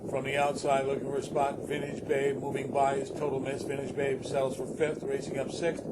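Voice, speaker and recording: A man's voice: medium pitch, monotone, a little fast. A man calling a live horse race, steadily reeling off positions. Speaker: race caller. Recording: loud background noise at the track.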